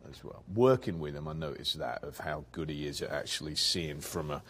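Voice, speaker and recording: A man's voice: a bass voice, fairly quick, a bit bright, slight background noise. A man, chatting playfully as an actor guest in an interview and often repeating words as he starts a thought. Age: 40s. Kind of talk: casual interview chat.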